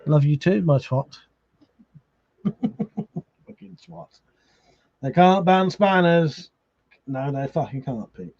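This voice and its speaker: Man, drunk, livestream host, casual chat, sweary, laughs a lot, fairly high voice, slightly dull sound. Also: a little slow. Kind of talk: casual chat reading out viewer comments. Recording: slightly muffled livestream audio.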